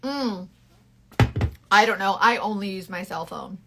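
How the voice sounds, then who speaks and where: A makeup consultant selling cosmetics runs a casual live makeup tutorial on her phone, chatting playfully and answering viewers as she goes. Her voice is medium-pitched and unhurried, with background noise present.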